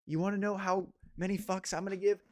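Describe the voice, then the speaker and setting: A young man in casual sports chat, animated and swearing as he rants about football. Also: sits high, fast talker, dry recording, studio quality. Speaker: podcast co-host.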